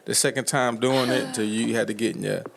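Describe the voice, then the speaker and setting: A man's voice: mid-range voice, steady tone, brisk, creaky, slight background noise. A man co-hosting a podcast in casual, playful banter, joking and beatboxing. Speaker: podcast co-host.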